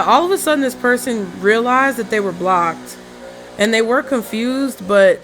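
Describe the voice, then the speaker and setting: A woman giving a casual tarot reading at home, chatting, swearing freely and thinking aloud as she turns the cards. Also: a little high. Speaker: tarot reader. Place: room at home with a window open. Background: faint street and traffic noise.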